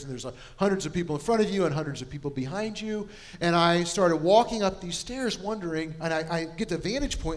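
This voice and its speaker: A middle-aged man preaching a sermon, his voice sitting a little higher than most men's. He tells stories in a loose, conversational way and drops in self-deprecating asides. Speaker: pastor. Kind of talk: storytelling sermon.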